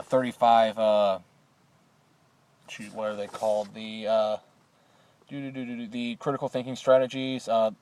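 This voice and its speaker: A man's voice: on the low side, darkish tone, a little hiss or hum. A man recording a class assignment on a phone, hesitant with many filler sounds, then reading a story aloud. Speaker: student.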